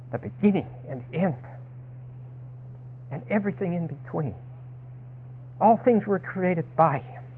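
A man's voice: sits high, phone-quality sound, a little hiss or hum. A man preaching a sermon, emphatic and dramatic, voicing the people he quotes.

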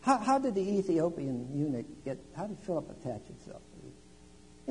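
A man preaching a sermon, telling a travel story with lively swings between quiet asides and loud exclamations. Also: fairly high pitch, moderate pace, poor audio. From United States.

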